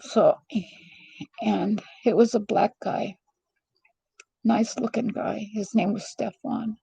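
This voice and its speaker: A woman's voice: mid-range voice, steady tone, slow pace, creaky, dark tone, slightly rough, dry recording, rough recording. A middle-aged woman hosting a live stream vlog, talking in a rambling, earnest and heartfelt way. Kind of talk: casual confiding monologue.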